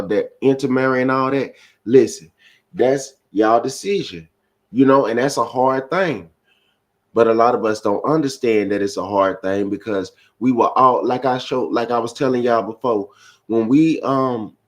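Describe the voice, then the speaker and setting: A man preaching to a live-stream audience, repeating his phrases and building to emphatic bursts. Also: medium pitch.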